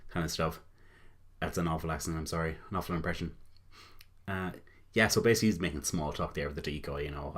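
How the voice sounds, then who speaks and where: A man's voice: very deep voice, fairly even intonation, fast talker, fairly bright tone, a little hiss or hum. A young Irish man hosting a reaction video, rambling casually with lots of laughs and the odd swear. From Ireland.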